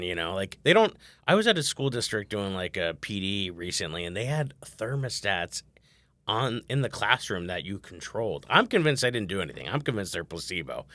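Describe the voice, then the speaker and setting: A man hosting a comedy podcast talks in a low, bright, forward voice, recorded close and dry. He chats easily and slips into quoted voices as he tells family stories. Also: big pitch swings, fairly quick, no room sound. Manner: chatty storyteller, acts out family members in quotes. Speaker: comedian host. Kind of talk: casual podcast chat.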